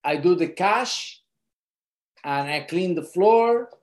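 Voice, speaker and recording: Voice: mid-range voice, lively intonation, slow. Earnest job-advice coach, loose unscripted talk, mid voice, echoey room. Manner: earnest, coaching, repeats points for emphasis; loose, unscripted phrasing with frequent restarts. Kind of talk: casual advice talk to camera. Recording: roomy echo.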